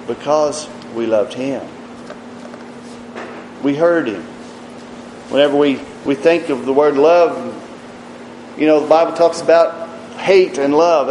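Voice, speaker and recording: A man preaching a sermon earnestly, rising in emphasis and dropping to quiet, low asides. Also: roomy sound, a little hiss or hum, rough recording. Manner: slow, earnest preaching with rises and quiet drops.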